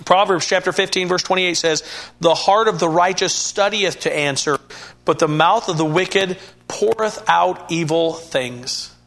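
A man's voice: sits high, a little slow, fairly bright tone. A man preaching a sermon in an earnest way, often repeating and restarting words and rising to emphatic bursts.

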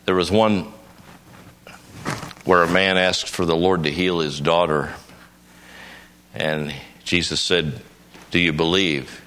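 Older guy preaching, deep voice but bright and punchy, folksy stories, gets emphatic. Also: fairly even intonation, takes it slowly, pauses often, slight background noise. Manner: folksy storytelling, rising to emphatic bursts. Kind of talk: conference sermon.

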